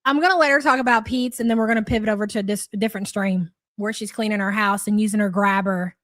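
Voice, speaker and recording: A woman's voice: medium pitch, steady tone, quick pace, a bit bright, no room sound, clean studio sound. A woman hosting a live reaction stream, blunt and sarcastic, swearing freely.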